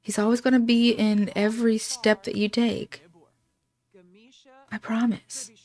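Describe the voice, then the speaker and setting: A woman voicing a gentle, patient grandmother in a game, speaking softly and reassuringly. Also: a little high, level tone, measured pace. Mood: soothing. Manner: soft, soothing, reassuring.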